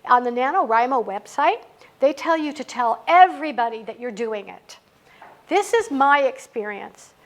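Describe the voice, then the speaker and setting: A middle-aged woman with a high voice leads a writing workshop, talking casually and telling stories that make her laugh. Her delivery is chatty and informal, and it is recorded in a library meeting room. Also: expressive, normal speed.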